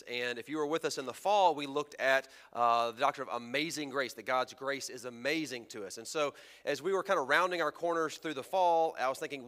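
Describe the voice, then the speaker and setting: A man's voice: medium pitch, brisk, fairly bright tone. A man, a pastor who is unwell and fatigued, preaching a sermon in a conversational, self-deprecating way in a church. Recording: long hall reverb.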